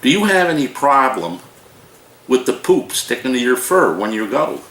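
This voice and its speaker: A man's voice: medium pitch, very animated, normal speed, fairly bright tone, roomy sound, low-quality recording. A man in his sixties voicing a big old male bear in a joke he tells, speaking with stiff, formal politeness. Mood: polite.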